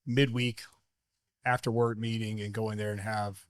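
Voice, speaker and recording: A man co-hosting a casual podcast, talking in a relaxed, rambling way with many pauses. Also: fairly low pitch, clear, resonant tone, no echo. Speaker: podcast co-host. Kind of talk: casual chat.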